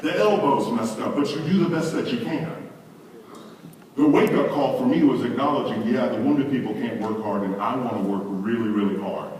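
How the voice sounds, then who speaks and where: A man giving a motivational seminar talk to a live audience, animated and preachy, speaking to the crowd directly. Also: mid-range voice, normal speed. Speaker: leadership conference speaker. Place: large hall with audience. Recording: echoey hall recording from far off.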